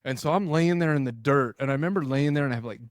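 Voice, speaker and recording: A man in his forties, a podcast guest, telling a story in a casual, animated way, full of restarts and quoted thoughts. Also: on the high side, very fast, no echo, clean studio sound. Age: 40s.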